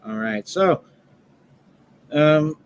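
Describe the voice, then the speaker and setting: A man hosts a podcast in a loose, relaxed way, dropping casual swears. He reads viewer comments aloud. A faint noise sits behind his voice. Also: fairly high pitch, extremely slow. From Florida. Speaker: host.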